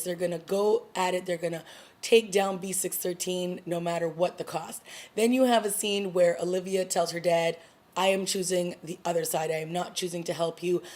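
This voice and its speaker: A woman casually recapping a TV episode in a video review, talking expressively and acting out the characters' lines. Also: lowish voice. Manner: animated, acts out characters' lines. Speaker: TV review vlogger.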